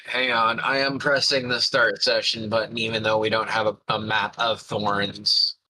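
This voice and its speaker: A man running a tabletop game as game master, describing the scene in an unhurried, musing way with frequent fillers. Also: fairly low pitch, flat delivery, pushed and bright, rough recording.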